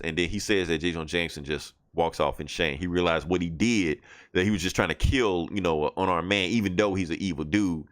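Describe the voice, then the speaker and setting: A man's voice: low voice, expressive, normal speed, fairly bright tone. A man hosting a podcast who casually retells a story, rambling and swearing freely. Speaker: podcast host. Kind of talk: casual chat.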